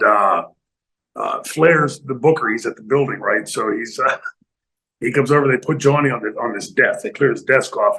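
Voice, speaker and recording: A middle-aged man casually telling stories in a studio interview, animated and laughing often, acting out other people's lines. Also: mid-range voice, gravelly, poor audio. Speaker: retired pro wrestler guest telling stories. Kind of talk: casual storytelling in a podcast interview.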